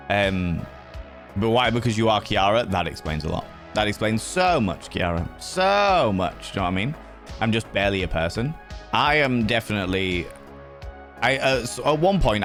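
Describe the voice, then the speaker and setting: A man hosting a livestream, chatting to viewers in a playful, effusive way, with sudden jumps in pitch and some swearing. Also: a bit bright. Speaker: livestream host. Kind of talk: casual chat reading viewer messages. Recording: faint music behind.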